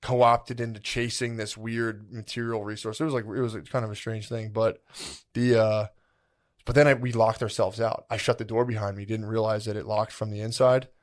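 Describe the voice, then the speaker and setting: A man's voice: fairly low pitch, flat delivery, moderate pace. Rambling casual man telling a story. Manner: rambling, full of "like" and "dude", acts out his own past thoughts. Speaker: podcast co-host.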